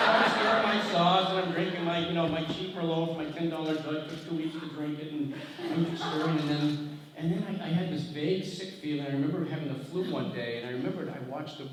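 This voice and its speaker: A middle-aged man, an author on a festival panel, telling animated, self-mocking stories with salty language and frequent laughter. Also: on the high side, fairly quick. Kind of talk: anecdotal storytelling on stage. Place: large hall at a festival. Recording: echoey hall, far-off mic, noisy.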